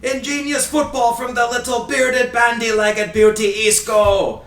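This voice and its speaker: Man doing a frenzied soccer commentator, high-pitched, loud, gushing wild flowery lines, roomy echo, distant mic. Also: flat delivery, slight background noise, heavily acted. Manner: wild, rapid-fire flowery exclamations. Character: manic over-the-top male soccer commentator. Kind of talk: impression of a commentator in a podcast chat.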